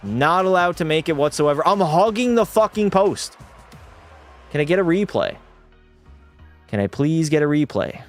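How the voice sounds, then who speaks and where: A man's voice: on the high side, animated, normal speed, long pauses, faint music behind. A young man streaming a hockey video game, commenting live and talking to his chat while ranting in frustration and swearing at the game. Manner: talks to chat.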